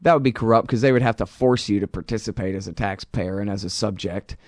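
A man talking in a sardonic, rambling commentary style, voice jumping up in pitch for emphasis. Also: fast talker, a little mellow, no echo, studio quality. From Texas. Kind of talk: casual spoken commentary.

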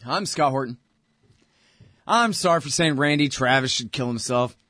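A man's voice: mid-range voice, normal speed, bright, forceful tone, no room sound, studio quality. A man hosting a talk show, rambling in a blunt, sarcastic way between ad reads. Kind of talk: casual political talk and ad reads.

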